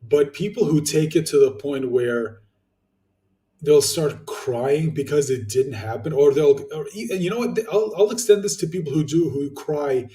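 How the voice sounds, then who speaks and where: A young man vents to his viewers in a loose, rambling rant, swearing freely and restarting his sentences. His voice is mellow and dark. He sits a little back from the mic in an echoey room. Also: on the high side, moderate pace, far from the mic. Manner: blunt, swears, many fillers and restarts. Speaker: YouTuber answering viewer comments. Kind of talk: casual ranting vlog.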